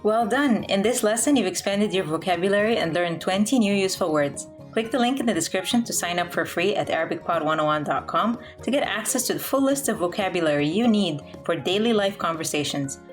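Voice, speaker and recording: A woman's voice: mid-range voice, lively intonation, fairly quick, hardly any pauses, faint music behind. A woman reading vocabulary words and sentences in a scripted lesson drill. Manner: crisp word-by-word drill reading. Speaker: vocabulary narrator.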